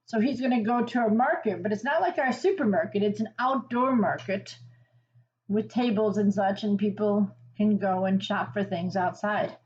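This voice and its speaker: A woman reading a picture book aloud to children, pausing to ask them questions and explain words. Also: on the high side, highs cut off. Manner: gentle teacherly asides and questions to the listener. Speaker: children's story reader.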